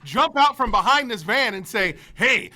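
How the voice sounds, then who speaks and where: A man co-hosting a podcast in casual chat, excitable and laughing, peppering his talk with bro and like. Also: extremely high pitch, moderate pace, slight background noise. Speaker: podcast co-host.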